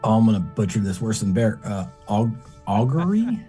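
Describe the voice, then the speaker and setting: A man's voice: fairly low pitch, fairly even intonation, quick pace, mellow, faint music behind. A man playing a tabletop game, careful and stammering over his words. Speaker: player.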